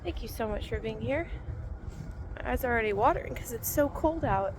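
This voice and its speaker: A woman and vlogger giving a relaxed, rambling spoken gratitude list while out walking in the cold. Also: fairly high pitch, fairly quick, noisy background. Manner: relaxed, rambling, thinking aloud. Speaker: vlogger and mindset coach. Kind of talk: casual spoken gratitude journal. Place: outdoors on a cold walk.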